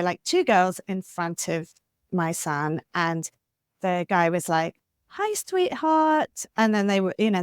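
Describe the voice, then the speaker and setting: A woman author being interviewed on a podcast, talking in an animated, talkative way with lots of "like" and "you know.". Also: mid-range voice, clear, resonant tone, dry recording, clean studio sound. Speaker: author guest.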